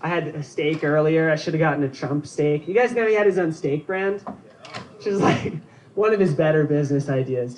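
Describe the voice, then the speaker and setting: A man's voice: on the high side, brisk, a little mellow, low-quality recording. A young man doing a stand-up comedy set outdoors, loose and laughing at his own jokes. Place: outdoor show.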